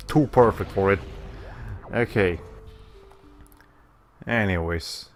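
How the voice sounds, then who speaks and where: A man's voice: fairly low pitch, slow, long pauses, fairly bright tone, soft background music. A man streaming a video game, giving casual, rambling commentary as he plays, laughing often and correcting himself.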